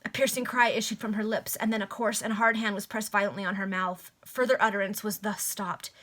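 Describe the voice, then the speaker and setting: Lady reading a book aloud to friends on a video call, bright clear voice, chatty asides. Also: mid-range voice, a little fast. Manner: breaks off with excited asides to listeners. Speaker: reader. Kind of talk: casual reading aloud of a novel.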